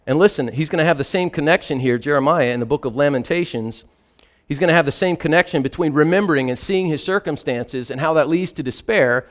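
A man preaching a sermon, reading psalm verses slowly with pauses and then explaining them plainly. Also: medium pitch.

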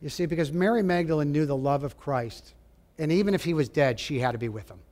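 A man preaching a sermon, emphatic, asking his listeners direct questions and dropping to a hush at times. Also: on the high side, quick pace. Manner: emphatic, rising and falling, drops to a hush for quoted lines; asks the audience direct questions.

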